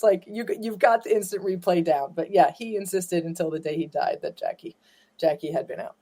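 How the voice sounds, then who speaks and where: A woman with a slightly low voice tells stories about her family in a relaxed interview. She rambles along with plenty of fillers and restarts. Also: moderate pace. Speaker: guest, granddaughter of a former ballplayer. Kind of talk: casual storytelling interview.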